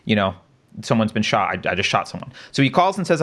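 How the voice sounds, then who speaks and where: A man's voice: medium pitch, lively intonation, normal speed, fairly bright tone. A man hosting a talk stream, walking through events in a casual, conversational way, asking rhetorical questions and often adding "right?". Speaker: show host. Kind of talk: live-stream commentary.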